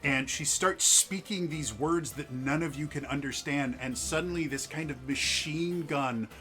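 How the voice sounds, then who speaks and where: A man's voice: fairly high pitch, unhurried, pushed and bright, faint music behind. A man running a tabletop game as game master, narrating scenes and stumbling over repeated words.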